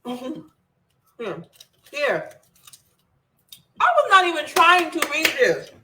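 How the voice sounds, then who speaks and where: A woman hosting a casual book club review, chatty and digressive, reading scripture aloud in a halting way. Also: sits high, very animated, noisy background.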